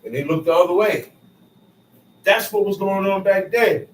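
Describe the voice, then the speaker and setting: Bible teacher, male, slangy paraphrasing, higher voice, distant roomy recording. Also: moderate pace. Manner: explains verses in casual slang, repeats and paraphrases, lively rises. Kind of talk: street-style scripture teaching. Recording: roomy echo, far from mic, faint noise.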